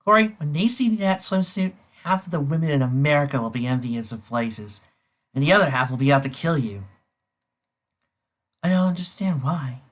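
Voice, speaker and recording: A low-voiced woman reads fan fiction aloud at a normal speed, ranting at the text with sarcastic disbelief and bursts of laughter. She reads and reviews fanfiction.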